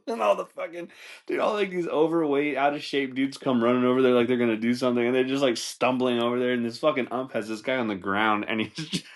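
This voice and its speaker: Talking fast in a medium-pitched voice with fairly even intonation, this podcast host rambles through fight stories. The casual comedic commentary is profane and full of laughter.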